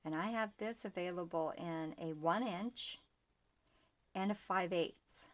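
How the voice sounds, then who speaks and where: An older woman talks slowly and homely about the ribbons she sells, in a lowish voice. She often trails off into a near whisper as she handles things. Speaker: small shop owner showing ribbons. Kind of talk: casual product show-and-tell.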